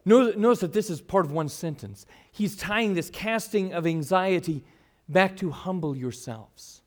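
Man, high voice, sermon, earnest, soft and loud by turns. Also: unhurried. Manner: earnest, varies loudness widely, drops to soft asides. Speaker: pastor.

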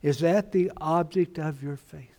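Man, pastor, sermon, unhurried delivery, slightly high pitch, emphatic repetition. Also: mellow. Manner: slow, emphatic preaching with repeated phrases.

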